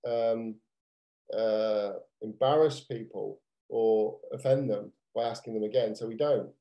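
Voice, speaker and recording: A man's voice: lowish voice, measured pace, highs cut off. A British man co-hosting a podcast, chatting casually and rambling with lots of restarts. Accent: British English. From Britain. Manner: rambling, frequent restarts and fillers. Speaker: podcast co-host. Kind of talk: casual chat.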